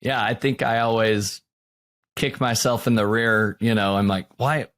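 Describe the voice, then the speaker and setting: A man's voice: lowish voice, fairly even intonation, moderate pace, fairly bright tone. A man hosting a podcast, talking reflectively in a casual interview chat, often ending thoughts with a question tag. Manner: reflective, frequent "right?" tags. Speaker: podcast host.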